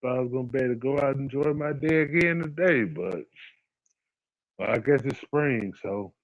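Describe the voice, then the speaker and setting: A man's voice: medium pitch, moderate pace, low-quality recording. A man hosting a casual livestream, talking bluntly, repeating his points and addressing viewers by name. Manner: blunt, repeats himself, talks to chat by name. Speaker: livestream host.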